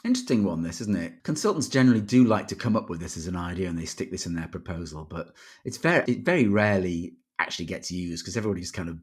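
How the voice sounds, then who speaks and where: Very deep, husky man giving advice. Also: animated. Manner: measured, conversational advice with tag questions. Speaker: podcast co-host. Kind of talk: casual chat.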